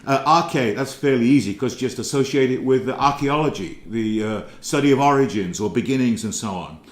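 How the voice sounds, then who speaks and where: A man's voice: medium pitch, a little fast, roomy sound. A middle-aged English man teaching Greek vocabulary in a rambling, hesitant way, full of fillers and restarts. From England. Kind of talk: informal recorded lecture.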